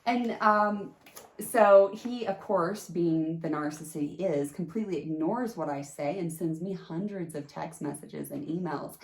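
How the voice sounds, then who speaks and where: Host, female, lower voice, lively storyteller, roomy sound. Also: unhurried. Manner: animated, jumps into high pitch acting out quotes. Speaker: podcast host telling a personal story. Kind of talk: casual storytelling.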